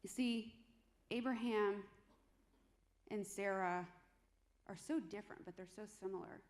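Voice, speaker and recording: A woman's voice: medium pitch, measured pace. A woman preaching a sermon in a conversational, humorous storytelling way.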